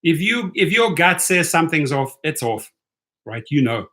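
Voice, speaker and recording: A man hosts a casual livestream for a rideshare channel, chatting loosely and talkatively with viewers and tagging many of his points with "right?" His voice is a little high and sharp, with big pitch swings at a normal speed.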